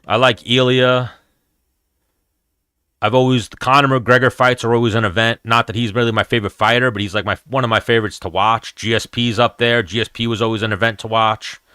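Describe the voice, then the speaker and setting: A man's voice: medium pitch, fairly even intonation, a little fast, sharp tone, clear, resonant tone, no room sound, clean studio sound. A man, hosting a casual MMA chat stream in a blunt, profane, rambling way. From New York, USA. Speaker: MMA show host answering chat.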